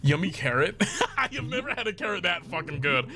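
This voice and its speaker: Game music runs under a man's high-pitched, very animated voice, which sounds pushed, bright and a little fast. He's streaming a game in a casual chat, frequently laughing and cursing freely.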